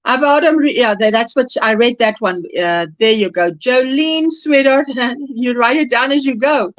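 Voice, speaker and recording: A woman's voice: fairly high pitch, moderate pace, no echo, lo-fi sound. A woman from South Africa hosting a casual crochet livestream, chatty and affectionate, laughing often and calling viewers sweetheart. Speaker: livestream host.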